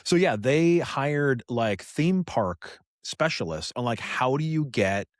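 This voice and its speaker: A man's voice: medium pitch, expressive, takes it slowly, no echo, studio quality. An American man co-hosting a casual podcast, rambling and repeating himself with lots of "you know" and "dude". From United States. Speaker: podcast co-host. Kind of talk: casual chat.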